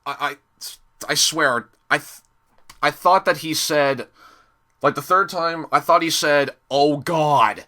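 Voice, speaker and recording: A young man giving a casual spoken episode review, sarcastic and exasperated, often pausing and restarting. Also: fairly high pitch, pushed and bright. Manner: hesitant, many fillers and restarts.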